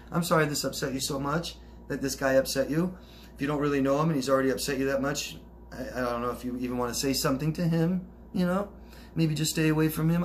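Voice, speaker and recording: Male life coach, mid-pitched, casual solo Q&A, faint hiss behind. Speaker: life coach answering viewer questions. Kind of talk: casual solo Q&A, reading out comments.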